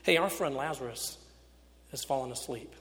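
A male pastor preaching a sermon, retelling a story with dramatic swings between loud and hushed delivery. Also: medium pitch, normal speed. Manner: dramatic retelling, acting out quotes with big swings in loudness. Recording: long hall reverb.

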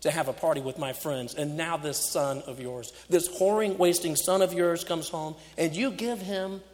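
A man preaching, acting out a resentful older son who talks slowly through clenched teeth and drops to a whisper. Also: fairly high pitch, natural voice. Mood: bitter. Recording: echoey hall.

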